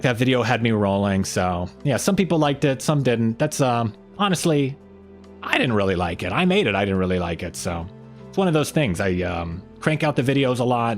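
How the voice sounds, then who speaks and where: A man hosting a casual weekly livestream, rambling loosely and greeting viewers in the chat by name. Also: lowish voice. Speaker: livestream host.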